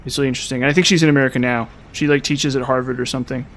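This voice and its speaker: A man's voice: medium pitch, fairly even intonation, very fast, fairly bright tone, a little hiss or hum. A man with a mild Utah accent, chatting casually with viewers on a live stream. He rambles, repeats words and uses many fillers. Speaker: gaming streamer.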